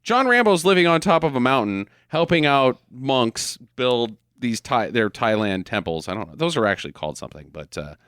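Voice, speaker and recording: A man's voice: medium pitch, normal speed, few pauses, dry recording, clean studio sound. A man co-hosting a casual podcast, riffing jokily on an action movie and slipping into mock voices. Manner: animated, jokey, swings into mock voices. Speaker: podcast co-host.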